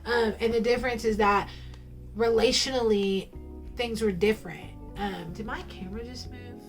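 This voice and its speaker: A woman's voice: fairly high pitch, normal speed, over music. A woman telling a personal faith story straight to camera in a casual, playful way, full of slang and ums. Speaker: faith vlogger.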